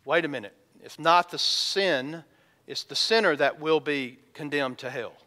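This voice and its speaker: A man with a high voice preaches a sermon as pastor. He is emphatic and leans on dramatic pauses. He slows right down when he reads scripture aloud. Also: bright, forceful tone.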